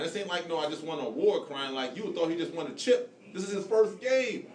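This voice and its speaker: A man hosting a podcast, telling a family story in a fast, animated casual chat. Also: a little high, echoey room, distant mic, noisy background. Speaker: podcast host.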